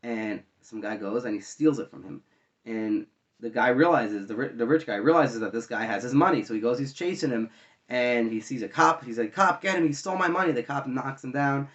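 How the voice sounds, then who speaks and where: A man's voice: medium pitch, normal speed, dull audio. A man arguing his views in a casual, rambling monologue to his viewers, with frequent fillers and restarts. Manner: conversational, argumentative, many fillers and restarts. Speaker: online commentator.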